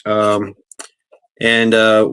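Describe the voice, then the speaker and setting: A man hosting a podcast in casual chat, rambling with many halting restarts. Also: fairly low pitch, monotone, fairly bright tone, slight background noise. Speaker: podcast host.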